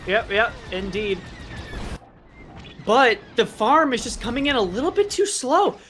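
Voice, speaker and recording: Jokey, lively-voiced male esports caster. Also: very high-pitched, unhurried, noisy background. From United States. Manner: jokey, laughs often, tries silly mock accents. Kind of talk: casual live game commentary.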